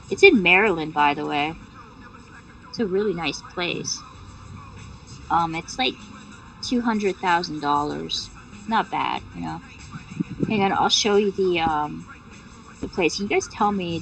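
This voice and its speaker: A woman game streamer with a gravelly, fairly low voice that still has a fairly bright tone is feeling ill with a sore throat. In casual live-stream chat she rambles, swears and uses many fillers, heard through a faraway mic with music behind her.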